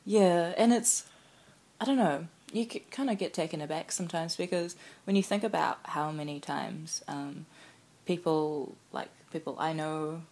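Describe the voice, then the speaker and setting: Low-voiced reflective woman from New Zealand. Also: moderate pace, a little mellow. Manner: thoughtful, reflective, with fillers. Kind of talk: casual conversation.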